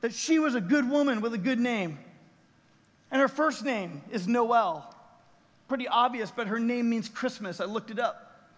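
A man's voice: very high voice, moderate pace, long reverb tail. A man preaching a sermon as pastor on a church stage, telling a story earnestly and with emotion.

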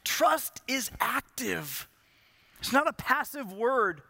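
A man preaches with a strikingly high, bright voice. He drives his points home with rhetorical questions and swells in intensity. The sound is dry and close. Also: very animated, slow, gravelly, dry recording. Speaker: pastor. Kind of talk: sermon.

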